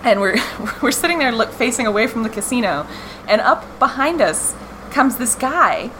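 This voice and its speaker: Brief: woman co-host, lively swooping delivery, laughs a lot, noisy room behind. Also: fairly high pitch, normal speed. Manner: animated storyteller, laughs often. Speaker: travel podcast co-host. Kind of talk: casual chat. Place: room in a historic inn. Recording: clear background room noise.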